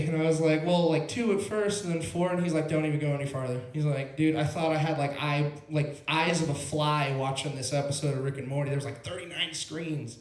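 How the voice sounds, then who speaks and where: A man's voice: on the high side, steady tone, a little fast, few pauses. A young man doing stand-up at an open mic in a small club, telling a rambling, laid-back story full of "like" and "bro". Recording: roomy club sound.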